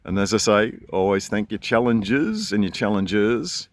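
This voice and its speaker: Low-voiced rambling Australian man. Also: lively intonation, moderate pace, no echo. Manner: rambling and chatty, with rising inflection at sentence ends. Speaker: vlogger. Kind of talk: casual to-camera vlog. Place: outdoors on a seashore at sunrise. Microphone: handheld camera.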